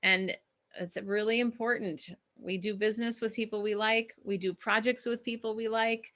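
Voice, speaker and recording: Woman, communication coach, middle-aged, bright forceful voice, energetic, encouraging. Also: medium pitch, normal speed. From Minnesota, US. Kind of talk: teaching an online class.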